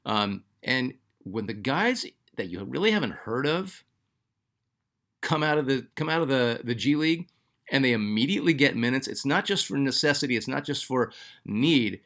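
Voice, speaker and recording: A man's voice: mid-range voice, expressive, moderate pace, fairly bright tone. Chatty man hosting a basketball channel. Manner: chatty, filler-heavy, restarts often. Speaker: sports channel host. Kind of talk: casual commentary reading viewer comments.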